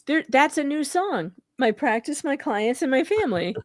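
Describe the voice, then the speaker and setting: A woman guesting on a casual live-stream chat, loud and playful, teasing and laughing often. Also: high-pitched, big pitch swings, normal speed, no room sound, clean studio sound. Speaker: co-host guest.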